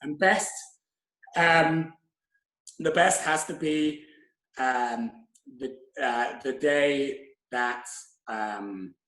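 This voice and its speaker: A young man telling travel stories as an interview guest on a video call, animated and self-mocking. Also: medium pitch, drawn-out words, long pauses. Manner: animated, self-mocking anecdotes with quoted exclamations. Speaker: interview guest, tour creator. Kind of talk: casual storytelling on a video call. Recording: roomy video call audio.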